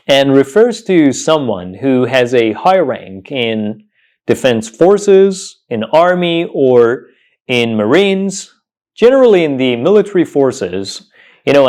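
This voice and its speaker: A man teaching English pronunciation in an online lesson, repeating each word several times with slow, emphatic drilling. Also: medium pitch, a little mellow.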